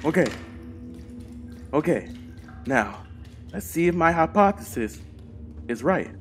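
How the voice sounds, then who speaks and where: A young adult gaming channel host giving horror gameplay commentary, talking to themself, muttering low and then bursting into panicked yelling and swearing. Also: sing-song, slow pace, soft background music.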